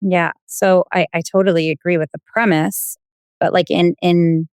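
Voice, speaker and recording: A mother of four works through her questions in a halting way, restarting often as she searches for words. Her lowish voice is smooth and clear, and the recording is dry and close. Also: steady tone, a little mellow, no room sound. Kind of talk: conversational interview.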